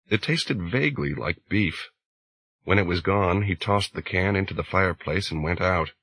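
A man narrating an audiobook in a slow, measured way. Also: low-pitched, a bit bright, breathy edge, dry recording, low-quality recording. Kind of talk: scripted narration.

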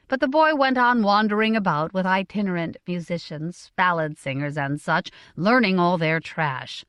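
A woman reads a fantasy novel aloud with smooth, expressive storytelling. Her pitch rises and falls in a lively way, and the recording is close and dry with no room sound. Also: no echo. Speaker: audiobook narrator. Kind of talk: scripted fantasy narration.

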